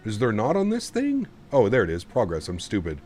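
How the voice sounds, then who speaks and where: Chatty low-voiced male streamer. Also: wildly swooping pitch, a little fast, darkish tone, faint music behind. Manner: chatty, rambling, laughs often. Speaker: flight sim streamer. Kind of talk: casual live-stream chat. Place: home sim setup.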